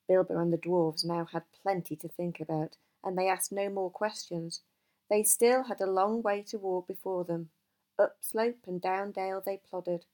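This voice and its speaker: A woman narrating a storybook in a calm, measured reading. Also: on the low side. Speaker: audiobook narrator.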